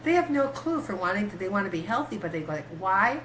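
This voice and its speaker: Rambling animated woman doctor. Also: fast, noisy background. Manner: rambling storytelling with many fillers and restarts; animated, pitch jumps when quoting herself. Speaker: guest, doctor. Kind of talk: casual conversational interview.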